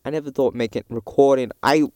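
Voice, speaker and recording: A young man hosting a casual solo podcast, rambling and mocking himself with sudden loud outbursts, recorded on a tablet. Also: mid-range voice, fairly even intonation, fast talker, no room sound, clean studio sound. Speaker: podcast host. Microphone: tablet recording app.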